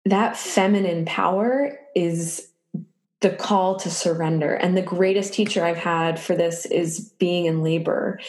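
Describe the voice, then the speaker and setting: A woman's voice: lowish voice, fairly even intonation, a little slow, a little mellow. A woman in her thirties, a podcast guest speaking casually with lots of filler words and frequent laughter, recorded in a room at her home. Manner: rambling, filler-heavy, laughs often. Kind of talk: casual conversation. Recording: roomy echo.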